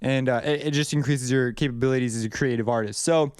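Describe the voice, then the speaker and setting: A man's voice: medium pitch, fairly even intonation, fast talker, darkish tone, clear, resonant tone, no room sound, studio quality. A young man giving a casual video lesson on composing melodies, talking loosely and thinking aloud with many restarts. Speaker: music composition teacher.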